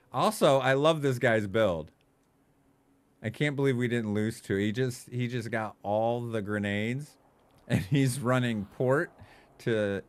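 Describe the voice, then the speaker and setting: A young adult man giving animated, profane gaming commentary, laughing often and chatting to his viewers. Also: mid-range voice, no room sound. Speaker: streamer.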